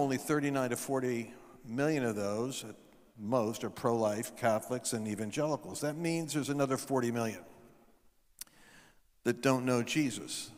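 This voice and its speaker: A man in his fifties preaching at a revival meeting, emphatic, dropping into low asides and lifting for his points. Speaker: guest preacher. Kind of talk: revival sermon. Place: large indoor event venue. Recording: long reverb of a big hall.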